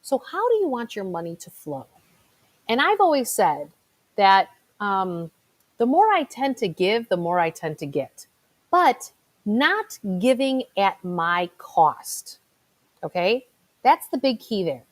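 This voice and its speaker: A middle-aged woman from Chicago gives a motivational talk about money and mixes in chatty personal stories with plenty of fillers and asides. Her voice sits at a mid pitch and sounds close and dry, with no room echo. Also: very animated, takes it slowly. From Chicago, United States. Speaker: financial advisor.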